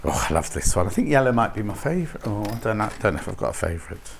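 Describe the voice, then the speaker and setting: British male shopping presenter, upbeat sales push, lively pitch, slight hum in studio. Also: very fast, creaky. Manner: upbeat, urging viewers to buy.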